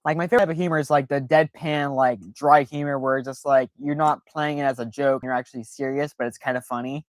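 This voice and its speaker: Casting: man hosting a casual livestream, rambling, filler-heavy, animated, dry close sound. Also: mid-range voice, fast, no room sound. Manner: rambling, many fillers and restarts; animated, jumps into playful exaggerated quoted voices. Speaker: livestream host.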